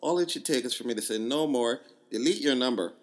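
A man's voice: medium pitch, fairly quick, close to an everyday voice. A man putting on a curt Jamaican woman. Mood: indignant. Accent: put-on Jamaican. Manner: curt, scolding. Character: blunt, distrustful woman texting back.

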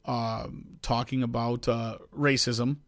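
A man's voice: medium pitch, little pitch movement, takes it slowly, dry recording, studio quality. A man in his thirties from Chicago with a Chicago accent, co-hosting a podcast and telling a rambling bar story, acting out what people said. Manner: rambling anecdotes, acts out quoted voices. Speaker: podcast co-host. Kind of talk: casual chat, storytelling.

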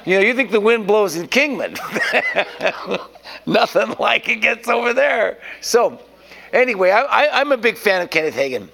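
A man's voice: sits high, expressive, moderate pace, creaky, sharp tone. A man preaching an informal sermon in a rambling, folksy way, often restarting his sentences.

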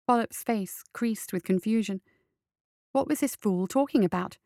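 A woman reading a story aloud in measured, dramatic audiobook narration, close to the mic. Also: medium pitch, creaky, mellow, no room sound.

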